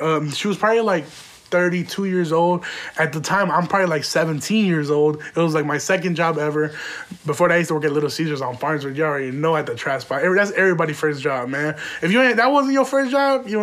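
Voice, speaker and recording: A man's voice: fairly high pitch, fast, a bit bright. A man telling a rambling, profane comic story from his own life in casual slang, full of "like" fillers. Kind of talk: comedic storytelling.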